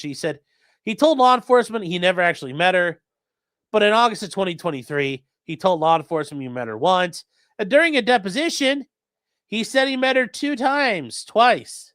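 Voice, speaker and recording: A man hosting a livestream as an attorney, giving sarcastic, animated legal commentary. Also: high voice, no echo. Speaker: attorney and channel host.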